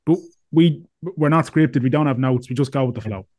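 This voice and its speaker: A man's voice: mid-range voice, normal speed, a little mellow. Hesitant, reflective male podcast host. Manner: reflective, hesitant, with many restarts. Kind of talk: conversational interview.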